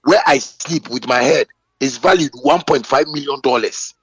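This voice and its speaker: Husky Ghanaian man, indignant bragging rant. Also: moderate pace, no echo, low-quality recording. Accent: Ghanaian English. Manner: indignant, bragging, rising pitch when worked up. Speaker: musician answering a critic. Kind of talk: heated boastful rant.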